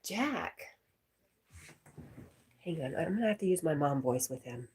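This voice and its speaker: A woman with a notably low voice chats easily on a live stream. She reads out viewer comments in a relaxed, talkative way and laughs often. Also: fast. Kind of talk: casual live-stream chat reading comments.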